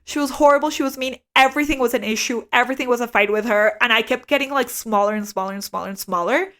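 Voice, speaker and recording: A young adult woman telling a story as a podcast co-host, animated, swearing freely and saying "like" a lot. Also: a little high, fast talker. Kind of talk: casual storytelling chat.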